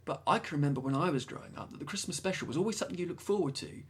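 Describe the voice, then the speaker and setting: A man's voice: on the high side, animated, rapid-fire, slightly rough. A British man co-hosting a podcast, chatting casually and rambling with many restarts. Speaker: podcast co-host. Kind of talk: casual chat.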